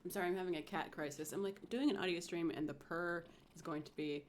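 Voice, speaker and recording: A woman's voice: fairly low pitch, quick pace, a little hiss or hum. A woman hosting a casual live-stream interview with voice actors, giggly and enthusiastic as she asks questions. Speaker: host.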